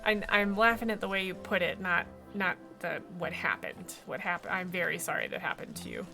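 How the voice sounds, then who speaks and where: A woman's voice: lowish voice, expressive, normal speed, creaky, over music. A woman streaming a game, chatting casually in a rambling, self-deprecating way. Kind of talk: casual gameplay chat.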